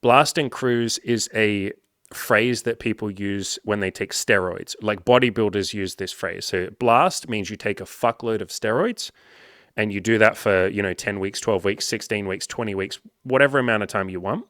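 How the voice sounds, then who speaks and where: A young man tells stories in a loose, animated way, with fillers and frequent swearing. His lowish voice has a bright, forceful edge and sounds close and dry. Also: normal speed, dry recording. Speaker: podcast host reading comments. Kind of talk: casual storytelling.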